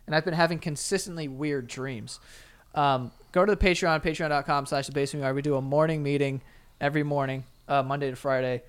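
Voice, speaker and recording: High-voiced man telling a story. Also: a little fast, smooth. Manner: animated storyteller, acts out voices and laughs. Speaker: podcast co-host. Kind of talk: casual chat.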